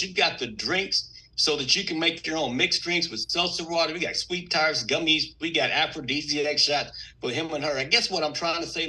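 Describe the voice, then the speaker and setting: Bright, energetic man pitching. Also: poor audio. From Texas. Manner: energetic, repetitive, emphatic. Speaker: business presenter on a video call. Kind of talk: enthusiastic sales pitch. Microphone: video call.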